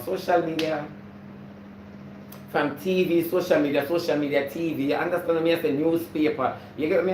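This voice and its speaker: Preachy Jamaican man, high and echoey. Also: slight background noise. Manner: preachy, greets viewers by name, repeats himself. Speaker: live-stream host. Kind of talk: casual live-stream monologue.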